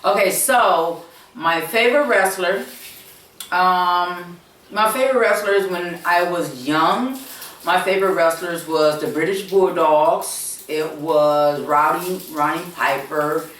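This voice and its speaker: Woman host, slow unhurried rambling chat to viewers, recorded off-mic in a roomy space. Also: fairly low pitch, a bit bright, far from the mic. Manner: rambling, repetitive, many fillers, addresses viewers directly. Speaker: channel host. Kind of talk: casual storytelling chat. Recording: roomy echo, speaking away from the mic.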